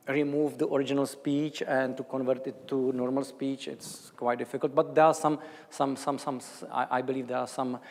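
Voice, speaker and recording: A man answering audience questions after a lecture, halting and thinking aloud with many restarts. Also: medium pitch, creaky. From Czech Republic. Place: large lecture hall. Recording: lecture hall with long reverb.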